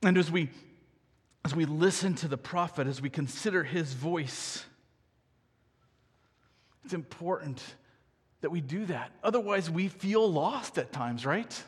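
A man's voice: a little high, expressive, unhurried, pauses often, breathy edge, in a large hall. A male pastor preaching a sermon in a conversational way, often checking in with the congregation with rhetorical "right?" asides.

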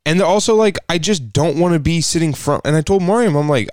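A man co-hosting a podcast, telling a story in casual chat, animated and profane, acting out the people in it. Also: on the high side, fairly quick, few pauses, no echo, clean studio sound. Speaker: podcast co-host.

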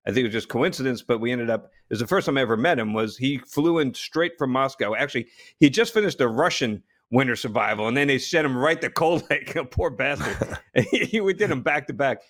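A man from New Jersey spins a long, lively anecdote, often stumbling over restarts and breaking into laughter. His voice sits at an ordinary middle pitch. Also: fast. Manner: animated, frequent restarts and laughter. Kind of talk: casual storytelling.

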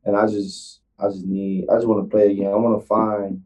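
A young man, a college football player, answering interview questions in a halting, casual way, often restarting his sentences. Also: lowish voice, little pitch movement, darkish tone, rough recording. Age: young adult.

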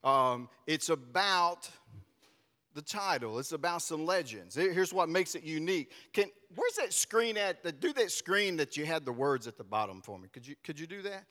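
A man's voice: on the high side, very animated, moderate pace, sharp tone. A man preaching a sermon in a church, talking conversationally and animatedly to his congregation. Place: church sanctuary. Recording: long reverb of a large hall.

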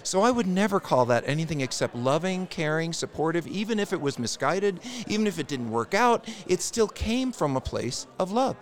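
Man, therapist guest, slightly high pitch, emphatic, blunt, passionate. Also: very animated, normal speed, hardly any pauses. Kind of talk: casual interview.

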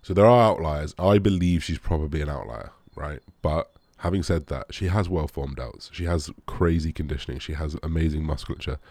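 A man's voice: very deep voice, fairly quick, few pauses, a little mellow, no echo. A young man, a bodybuilder, answering viewer questions in a rambling casual chat, full of fillers and the odd swear.

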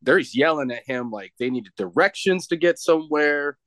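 A man's voice: on the high side, expressive, moderate pace, a bit bright, no room sound. A man from Canada, a wrestler being interviewed, telling a story in a rambling, casual way with many restarts. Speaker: professional wrestler, guest.

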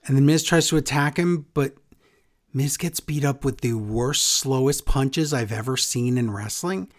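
Man, podcast co-host, sarcastic and fed up, medium pitch, sneering asides. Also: measured pace. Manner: sarcastic, exasperated, mocking impressions. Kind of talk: casual chat recapping wrestling.

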